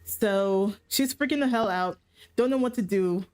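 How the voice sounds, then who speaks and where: A woman streamer ranting through a story recap in a loose, profane, self-correcting style. Her voice sits at a middle pitch for a woman. Faint background music plays under her voice. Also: a little slow, a little mellow. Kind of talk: casual story recap rant.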